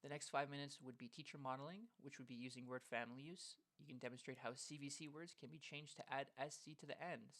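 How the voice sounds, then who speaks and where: A man's voice: medium pitch, steady tone, fast, few pauses, a bit bright. A man presenting a phonics lesson plan in a casual, explanatory way, with frequent ums, over a screen recording.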